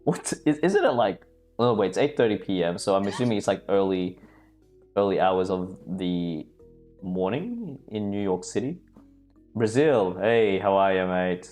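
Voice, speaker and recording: A man co-hosting a card game livestream in a low, very animated voice. He chats with viewers and laughs easily. Soft music plays faintly behind him. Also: normal speed. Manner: lively, chatty, laughs often. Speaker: co-host and commentator. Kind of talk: casual livestream commentary.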